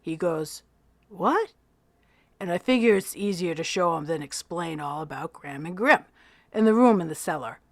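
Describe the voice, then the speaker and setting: A woman teacher reading a novel aloud in an expressive storytelling voice, narrating in the first person. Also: fairly low pitch, fairly quick, dry recording.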